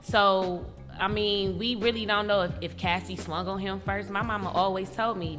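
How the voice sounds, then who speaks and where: A woman's voice: mid-range voice, steady tone, normal speed, hardly any pauses. Frank woman on a talk show, echoey room. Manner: opinionated, frank, often trailing off and restarting. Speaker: guest. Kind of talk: casual talk-show chat. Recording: reverberant room with music behind.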